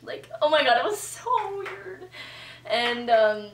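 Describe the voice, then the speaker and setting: In a casual storytelling vlog, a young woman recounts a chatty tale heavy with "like" and quoted reactions. She has a high voice with vocal fry, speaks slowly but very animatedly, and sits far from the mic in an echoey room with slight background noise.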